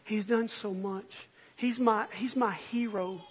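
High-voiced impassioned preacher man. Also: steady tone, slow, husky. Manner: earnest, swells from soft reading to impassioned near-shouting. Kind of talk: sermon. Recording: dull lo-fi recording.

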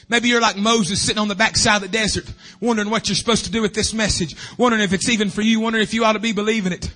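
Preacher guy, high bright voice, fired-up revival sermon, goes from shouting to quiet. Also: fairly even intonation, very fast, few pauses. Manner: fervent, swings between shouting and hushed tones. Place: church sanctuary.

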